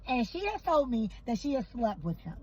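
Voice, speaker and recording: A woman telling a personal story in a casual storytime, emphatic and animated, repeating phrases for effect. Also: on the high side, normal speed, husky, rough recording.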